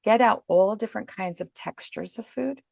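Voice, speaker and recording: A woman guest on a podcast, calmly and patiently explaining parenting advice in an instructive way. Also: mid-range voice, normal speed, vocal fry, dry recording, studio quality.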